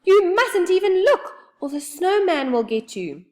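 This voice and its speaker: A woman's voice: a little high, big pitch swings, a little fast, warm tone. A woman voicing a jolly male tree dweller who mumbles through a mouthful of toffee and yelps when frightened, in a storybook reading.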